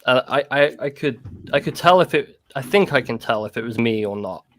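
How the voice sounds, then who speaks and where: Halting man telling his story. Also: mid-range voice, animated, a bit bright. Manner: halting, full of restarts and "like". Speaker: guest recounting an encounter. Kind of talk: casual conversational storytelling.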